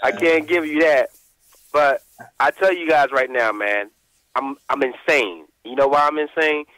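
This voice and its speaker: A man calling in to a sports podcast, ranting in an animated, rambling way with plenty of swearing and repeated asides. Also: medium pitch, measured pace, poor audio. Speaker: caller. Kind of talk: casual call-in rant.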